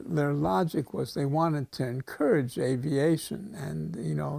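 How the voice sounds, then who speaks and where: A man's voice: on the high side, vocal fry, a bit bright, husky, no echo. A man in his eighties from the United States, telling wry, wandering stories in a casual interview. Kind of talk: casual storytelling.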